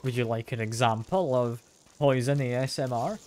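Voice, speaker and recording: A young Scottish man with a mild accent chats casually to his live-stream viewers while gaming at home on a sensitive desk mic. He has a mid-range voice at normal speed, and he's self-deprecating, answering chat aloud with soft laughs.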